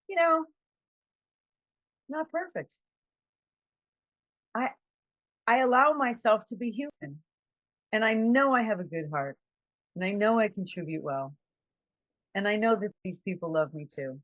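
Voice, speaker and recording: A woman's voice: mid-range voice, dry recording, lo-fi sound. Woman giving a reflective motivational talk. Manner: conversational, reflective, acts out quotes.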